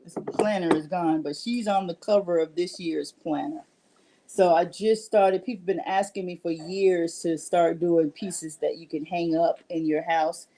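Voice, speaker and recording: Chatty, mellow-voiced woman selling her art. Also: lowish voice, fairly even intonation, unhurried, slight background noise. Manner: chatty and rambling, with frequent restarts. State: out of breath. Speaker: artist selling her work on a livestream. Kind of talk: casual livestream sales talk.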